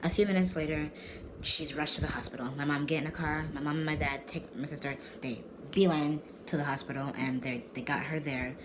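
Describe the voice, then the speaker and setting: A man's voice: fairly high pitch, fairly even intonation, brisk. Young male vlogger, rambling slangy storyteller, constant background noise. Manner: rambling, slangy, repeats and restarts himself. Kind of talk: casual storytelling vlog.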